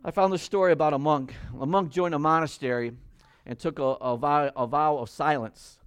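A man preaching a sermon, emphatic and rising loud when he reads scripture. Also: fairly high pitch, steady tone, moderate pace, clean tone, no echo, clean studio sound. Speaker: pastor.

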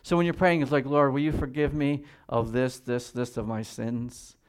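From the pulpit, a pastor preaches in a steady, mid-pitched voice, reading scripture slowly and with deliberation. He drops into quiet, measured emphasis, then rises to loud, higher-pitched exhortation.

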